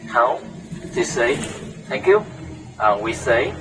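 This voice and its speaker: A man with a Vietnamese accent, a tour guide explaining things to tourists in halting English full of "uh" fillers, inside a tour bus. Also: mid-range voice, lively intonation. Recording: from a distance on a bus, music behind.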